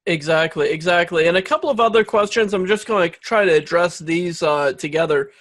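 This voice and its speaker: A man hosting a webinar, reading out audience questions in a relaxed, upbeat way. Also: high-pitched, a little fast, dry recording, studio quality. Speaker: webinar host.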